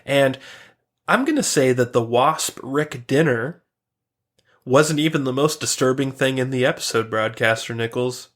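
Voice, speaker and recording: A man's voice: medium pitch, lively intonation, measured pace, a bit bright. A man co-hosting a podcast, retelling a cartoon episode in casual chat, rambling with many fillers and swearing freely. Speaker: podcast co-host.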